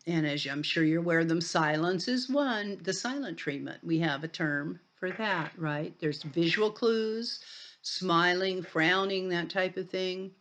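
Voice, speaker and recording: A woman's voice: on the low side, a bit bright. An older woman teaches a college sociology class in a loose, talky way. She wanders through her points with plenty of ums and restarted sentences, like she is chatting with her students. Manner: conversational, rambling with fillers and restarts. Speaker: sociology lecturer. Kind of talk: recorded college lecture.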